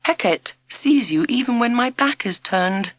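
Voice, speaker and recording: A woman's voice: fairly high pitch, expressive, no room sound, studio quality, pitched above the performer's own voice. Woman reading as Miss Wiz, firm quirky witch teacher. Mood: stern. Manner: quiet but firm, brisk.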